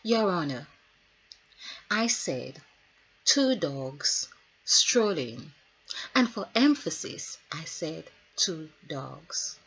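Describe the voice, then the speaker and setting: A woman voicing a dry, unbothered man in court, who speaks low, flat and understated. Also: drawn-out words, long pauses, slightly rough, heavily acted. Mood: calm. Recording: dull lo-fi recording.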